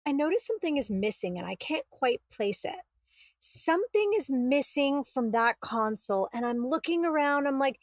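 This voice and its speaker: A high-pitched woman tells a personal story on a podcast, quick to act out both sides of each exchange. Her voice is close and dry, with no room sound around it. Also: no room sound. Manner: animated, quotes herself and others, exasperated retelling. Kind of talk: casual storytelling.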